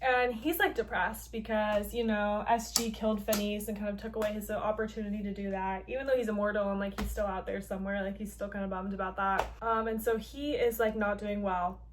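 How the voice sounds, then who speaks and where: A woman's voice: medium pitch, steady tone, fairly quick, few pauses, noisy background. A woman hosting a casual story recap, chatty and playful, with lots of filler words and side comments. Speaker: host.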